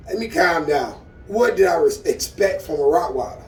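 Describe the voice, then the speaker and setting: A man who trains dogs, vlogging as he works with his puppy, talking straight to viewers and swinging from calm explaining to loud excited bursts. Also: a little high, moderate pace, echoey room, recorded from a distance. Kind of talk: excited casual vlog while training a dog. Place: outdoors in a dog enclosure.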